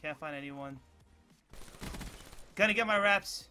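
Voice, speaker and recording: A young man giving live, excitable commentary over his own gameplay, calling out plays and swearing freely. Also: on the high side, over music. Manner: quick running play-by-play shouts. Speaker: gaming video creator.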